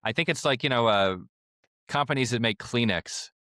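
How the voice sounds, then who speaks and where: A man's voice: medium pitch, expressive, normal speed, sharp tone, no room sound, studio quality. A man co-hosting a comedy podcast, making playful mock-serious arguments. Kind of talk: casual comedic chat.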